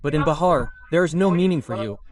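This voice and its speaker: A man's voice: fairly high pitch, expressive, quick pace. A man being interviewed about politics in a heated exchange. He argues back hard and challenges the questions. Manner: combative, argumentative. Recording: distant mic with crowd noise. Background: crowd.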